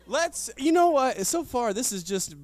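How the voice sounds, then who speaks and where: A man leading a retreat seminar, casually reading a children's story aloud to a crowd, halting and self-deprecating with many fillers. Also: very high-pitched, big pitch swings, dry recording. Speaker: retreat speaker.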